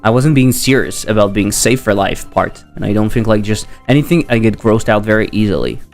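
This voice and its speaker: A man's voice: lowish voice, fairly quick, soft background music. A man with a French accent, a game developer chatting casually on a livestream, rambling and joking as he reads chat aloud.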